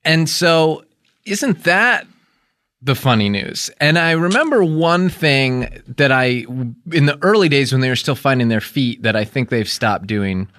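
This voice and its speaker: A man's voice: mid-range voice, expressive, a little slow, a bit bright, no echo, clean studio sound. A man from the United States in a rambling, joking casual chat, now and then acting out silly impressions.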